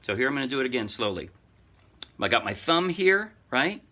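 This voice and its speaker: A man giving a casual ukulele tutorial, explaining chords and strums step by step in a relaxed, chatty way. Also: medium pitch, fairly quick, over loud music. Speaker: ukulele teacher. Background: loud ukulele playing.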